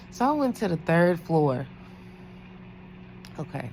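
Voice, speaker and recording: A woman's voice: fairly low pitch, big pitch swings, a little slow, pauses often, slight background noise, poor audio. A woman who works as a night-shift nurse, chatting casually in a storytime vlog, rambling with lots of fillers.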